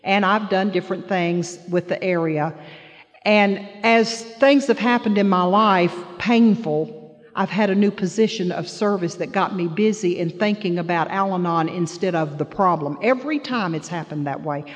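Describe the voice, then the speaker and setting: A woman's voice: on the low side, moderate pace. An older woman from the Florida panhandle speaking as a grandmother, telling a personal story to a meeting in an earnest, emotional, plain-spoken way. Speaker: speaker sharing at a recovery meeting. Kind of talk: personal testimony to an audience. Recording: hall reverb.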